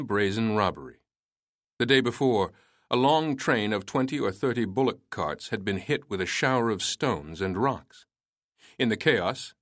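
Low-voiced man narrating a story. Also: a bit bright, no room sound, clean studio sound. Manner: measured storytelling. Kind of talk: scripted narration.

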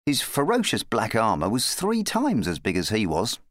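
A man reading a children's story aloud in a playful, lively storybook manner. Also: fairly low pitch, normal speed, no room sound, studio quality.

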